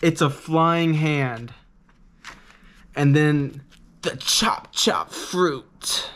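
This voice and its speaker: A man casually reviewing a manga, rambling and excitable, with lots of fillers and swearing. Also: a little high, extremely slow, a little hiss or hum.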